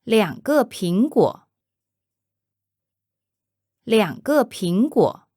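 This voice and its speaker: Female pronunciation model, very slow and deliberate, lively tones, dry close mic. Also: fairly high pitch, dry recording. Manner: careful, deliberate enunciation, each phrase said twice. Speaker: native-speaker model for pronunciation. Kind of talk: slow repeated pronunciation examples.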